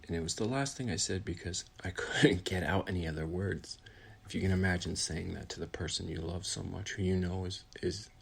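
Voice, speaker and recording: A grieving man giving a heartfelt personal account, halting and full of restarts, sometimes dropping to a soft whisper. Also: low-pitched, vocal fry, husky. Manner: halting, with many pauses and restarts; drops to a soft whisper at times. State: grieving, voice heavy with emotion.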